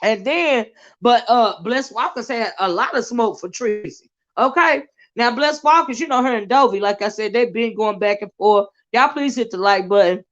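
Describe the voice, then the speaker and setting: A woman's voice: on the high side, moderate pace. A woman hosting a casual livestream, chatting about online drama with lots of asides to her viewers. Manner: chatty, animated, drawling asides. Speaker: YouTube commentary host. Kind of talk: casual livestream gossip commentary. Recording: dull lo-fi livestream audio.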